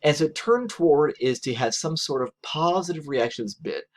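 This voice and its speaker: A man giving a recorded lecture in a conversational, animated way, often ending points with "right?". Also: brisk, a little hiss or hum. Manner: animated, conversational, acts out quotes in a higher voice; frequent "right?" tag questions.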